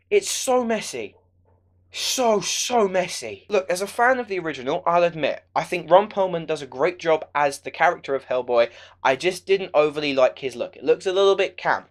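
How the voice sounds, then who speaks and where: Sarcastic ranting young man. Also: a little high. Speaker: film reviewer. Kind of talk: ranting movie review vlog.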